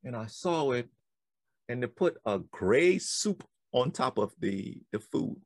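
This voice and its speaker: A man hosting a podcast, telling a childhood story in a rambling way with quick laughs. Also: mid-range voice, expressive, no room sound. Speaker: podcast host. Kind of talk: casual conversation.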